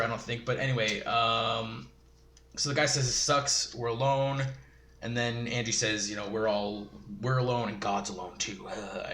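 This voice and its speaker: Man, casual show recap, rambling with lots of ums, mid-pitched, roomy echo. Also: a bit bright. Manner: rambling, filler-heavy, chuckling asides. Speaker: show reviewer.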